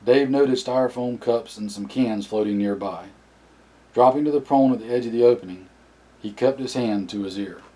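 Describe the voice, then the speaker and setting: A man reading a novel aloud as narrator, often clearing his throat. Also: medium pitch, normal speed, mellow, rough recording. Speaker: audiobook narrator.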